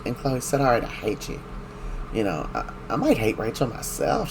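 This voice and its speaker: A man's voice: medium pitch, wildly swooping pitch, moderate pace, gravelly, background noise. A man recapping a soap opera in casual chat, rambling and opinionated as he retells scenes.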